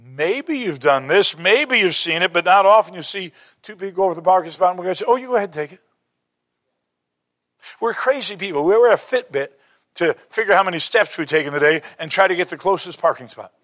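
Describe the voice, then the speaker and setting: A man delivering a sermon in a high, bright voice. He tells stories in an easy flow and climbs into loud, emphatic peaks when he makes a point. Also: expressive, a little fast. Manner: storytelling, rising to emphatic bursts. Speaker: preacher.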